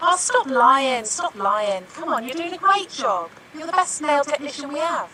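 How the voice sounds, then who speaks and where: A woman's voice: high-pitched, sing-song, moderate pace, far from the mic, crowd noise. A woman voicing a chiding, encouraging nail technician in an online improv scene. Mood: bossy. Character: bossy upbeat female nail technician.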